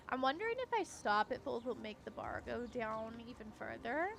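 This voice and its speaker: Young woman streamer, chatty gameplay talk, gravelly fry, loud game noise behind. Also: fairly high pitch, very animated, normal speed. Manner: chatty, giggly, thinks out loud. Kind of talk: casual gameplay commentary.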